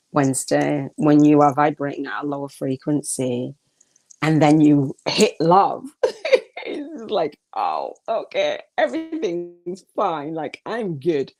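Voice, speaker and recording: A woman's voice: low voice, a little mellow. A middle-aged woman hosting a live gratitude talk, chatty, with many fillers and laughs. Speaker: podcast host.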